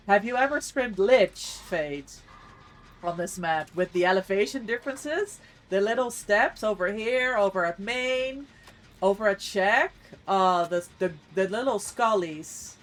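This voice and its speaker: A woman's voice: medium pitch, expressive, unhurried. Woman streamer narrating her game aloud. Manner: talks to herself, panicky outbursts. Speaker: streamer and competitive player. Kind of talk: live gameplay commentary.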